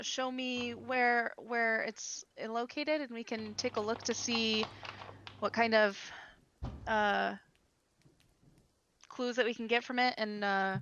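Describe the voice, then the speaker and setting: A woman playing in a tabletop game, talking in an unhurried, hesitant way. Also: a little high, fairly bright tone. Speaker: player. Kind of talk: casual tabletop role-play. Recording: dull lo-fi mic.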